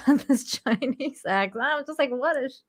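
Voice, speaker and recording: A woman's voice: sits high, normal speed, breathy edge. A woman co-hosting a casual podcast chat, giggling and exclaiming as she mocks a show. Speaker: show co-host.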